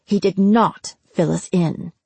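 A woman's voice: fairly low pitch, a little slow, mellow, slightly rough, no echo. A woman voicing a tense, impatient young nobleman in a storybook, speaking tersely and demanding answers. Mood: angry.

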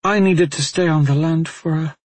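A man's voice: on the high side, fairly even intonation, moderate pace, slightly rough, no room sound, voice pushed up. A man voicing a haunted, guilt-ridden male adventurer in an audiobook, speaking in a strained, tense way.

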